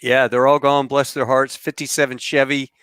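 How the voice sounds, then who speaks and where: A middle-aged man hosts a casual podcast, talking at an easy, rambling pace full of fillers and pilot shop talk. His voice is smooth and clear at a middle pitch, with a dry, close sound. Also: normal speed, dry recording. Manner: relaxed, rambling with fillers and aviation slang. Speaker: podcast host.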